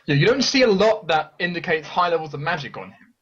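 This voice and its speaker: A man running a tabletop game as game master, narrating quickly with frequent restarts. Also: on the high side, expressive, a bit bright, lo-fi sound.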